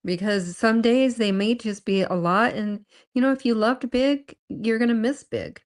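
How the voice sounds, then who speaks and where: A woman co-hosting a podcast, earnestly sharing a personal story in casual chat, with halting restarts. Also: fairly high pitch. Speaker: podcast co-host.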